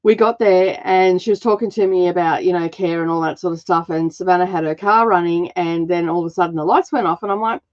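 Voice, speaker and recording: A woman's voice: on the low side, fairly even intonation, fast, hardly any pauses, highs cut off. A middle-aged woman hosting a craft livestream. She chats casually and rambles, laughing often and using lots of fillers. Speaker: craft channel host.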